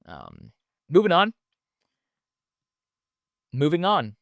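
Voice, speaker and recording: A man's voice: medium pitch, expressive, takes it slowly, pauses often, clean tone, no echo, studio quality. A man hosting a solo podcast in a casual, rambling way, with lots of fillers and the odd swear word. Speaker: podcast host.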